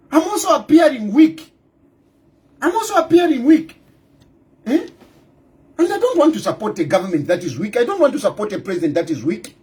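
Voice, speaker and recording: A middle-aged man with a Zambian accent delivering an impassioned political monologue, repeating his points and firing off rhetorical questions with loud outbursts. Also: very high-pitched, expressive, fairly quick. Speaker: opposition party leader.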